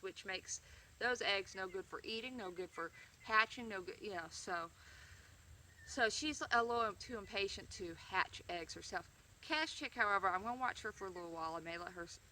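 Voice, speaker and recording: A chatty woman talks casually to camera while out by her chickens, rambling along with fillers and restarts. Her voice is bright and sits back from the mic, with faint outdoor ambience and animals behind. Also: mid-range voice, far from the mic, slight background noise. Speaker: backyard chicken keeper vlogger.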